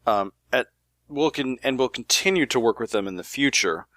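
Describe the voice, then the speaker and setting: A stiff corporate spokesman, put on by a man gives measured, scripted answers in a bright, forceful voice. The sound is dry and close. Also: medium pitch, dry recording, lightly acted. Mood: stiff, formal. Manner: boilerplate, measured, flat corporate delivery.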